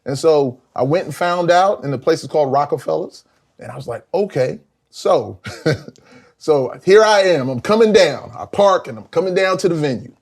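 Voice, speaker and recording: An older man from South Carolina, a guest musician telling lively stories in an interview, acting out voices and laughing often. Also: on the high side, moderate pace. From Columbia, South Carolina. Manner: animated storyteller, acts out voices, laughs often. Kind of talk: storytelling interview.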